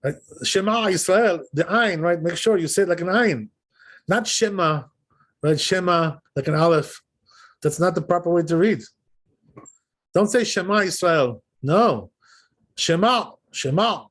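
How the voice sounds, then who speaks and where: A rabbi teaching a class gives an informal religious lesson, explaining as he goes, demonstrating pronunciation aloud, and checking in repeatedly with "right?" and "you know?". His voice is high and expressive, at a normal pace.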